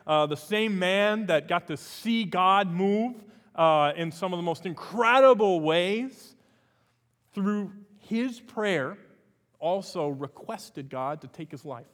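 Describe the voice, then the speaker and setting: Give me a male pastor preaching a sermon in a casual, conversational manner, full of ums and restarts. His voice sits a bit high for a man. The recording carries the long reverb of a church hall. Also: animated, slow pace, fairly bright tone. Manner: conversational, with many fillers and restarts.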